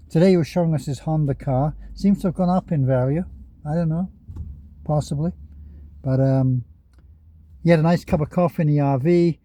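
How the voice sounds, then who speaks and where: Mellow, rambling male vlogger. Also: on the high side. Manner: chatty, chuckles often, trails off. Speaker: vlogger commenting on other YouTubers. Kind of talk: casual rambling commentary. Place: parked car.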